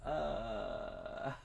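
A man hosting a casual podcast, laughing often and slipping into slow, drawn-out announcer delivery for improvised ads. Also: a little high, vocal fry. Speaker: podcast host.

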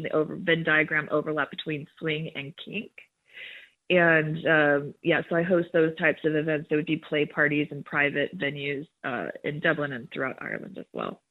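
A woman's voice: sits low, steady tone, fairly quick. Frank woman guest on a tinny phone line. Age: 30s. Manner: frank, explanatory, upbeat. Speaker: guest, kink educator. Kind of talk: phone interview.

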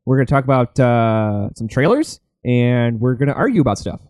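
A man's voice: mid-range voice, big pitch swings, normal speed, a little mellow, no room sound, studio quality. Joking man hosting a comedy podcast. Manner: jokey, rambling, laughs often. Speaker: podcast host. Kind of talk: casual comedy podcast chat.

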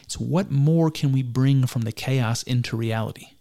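A man's voice: mid-range voice, vocal fry, mellow. Earnest man musing aloud. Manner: musing, earnest, halting with many restarts. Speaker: speaker discussing mysticism. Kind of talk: reflective spoken commentary on a text.

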